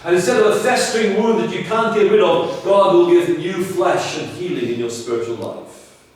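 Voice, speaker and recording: Pastor preaching in an echoey church. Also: male voice, high voice, normal speed, recorded from a distance. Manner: earnest, emphatic, asks rhetorical questions. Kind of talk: sermon. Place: church sanctuary.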